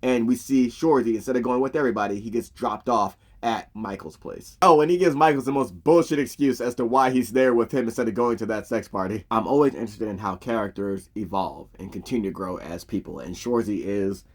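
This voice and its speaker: A man casually recapping a TV series, telling it in an animated, profane storytelling way. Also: on the low side, brisk, few pauses. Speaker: show reviewer.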